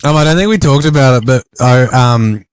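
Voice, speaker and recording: A man's voice: mid-range voice, brisk, clean tone, dry recording. An Australian man co-hosting a podcast, bantering casually and swearing now and then. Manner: laid-back, laughing, sweary banter. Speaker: podcast co-host. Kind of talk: casual chat.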